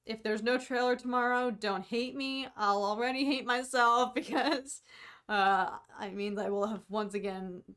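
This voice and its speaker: A woman's voice: on the high side, unhurried, a bit bright, clear, resonant tone. Chatty self-deprecating woman co-host. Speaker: co-host of a fan podcast livestream. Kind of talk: casual chat.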